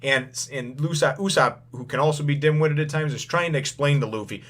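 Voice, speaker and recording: A man giving a casual first-impressions recap of a manga chapter, rambling with plenty of filler phrases and acting out lines in quick paraphrase. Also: a little high, a bit bright.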